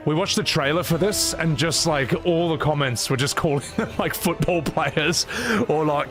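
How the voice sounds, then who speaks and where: With music in the background, an excitable man swears and laughs his way through a casual live stream, reading out messages from viewers. He speaks at a moderate pace in a slightly high voice.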